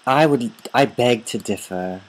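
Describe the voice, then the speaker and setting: A man voicing a stuffy English gentleman with a put-on English accent, talking in a prim, pompous way. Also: medium pitch, a little slow, lightly acted, low-quality recording. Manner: prim, pompous, plays along.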